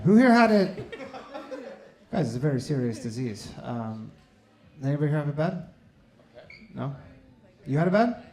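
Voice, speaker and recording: A man doing a stand-up set with crowd work, sardonic and profane, ranting louder as he goes. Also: medium pitch. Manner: sardonic, swears, rants loudly. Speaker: stand-up comedian. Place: comedy club stage.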